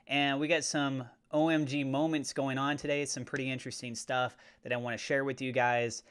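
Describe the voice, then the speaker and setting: A man hosting his own cryptocurrency channel, chatting casually and getting excitable as he watches prices move. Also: medium pitch, fairly quick, smooth. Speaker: crypto YouTuber. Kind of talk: casual commentary to camera.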